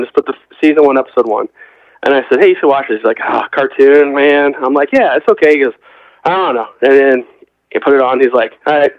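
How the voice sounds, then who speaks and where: A man's voice: medium pitch, no room sound. Man telling rambling stories, dull dry sound. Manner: rambling storyteller, acts out quotes. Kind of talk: casual chat.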